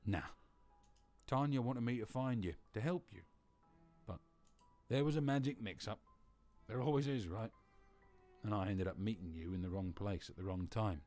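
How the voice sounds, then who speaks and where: A man reading visual novel lines aloud as a guilty male cat spirit, in a plain, steady voice. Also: on the low side, normal speed, faint music behind, natural voice. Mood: remorseful.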